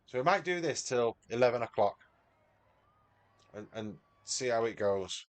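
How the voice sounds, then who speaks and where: A man's voice: mid-range voice, lively intonation, unhurried. A man with a Mancunian accent, commentating his live sim-racing stream and chatting with viewers by name. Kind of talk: live gameplay commentary and chat.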